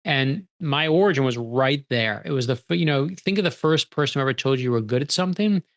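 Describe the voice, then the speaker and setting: Animated storytelling man, quick bursts. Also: medium pitch. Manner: energetic, animated, quick bursts when excited; acts out quoted dialogue in his stories. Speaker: guest author. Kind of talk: conversational storytelling.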